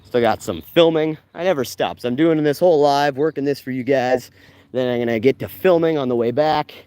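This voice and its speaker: Man, from Canada, casual live-stream walking tour, outdoors, excitable, jokey, talking to viewers. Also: mid-range voice, brisk, clear, resonant tone, dry recording. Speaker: vlogger giving a filming-location walking tour. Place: outdoors on a residential street.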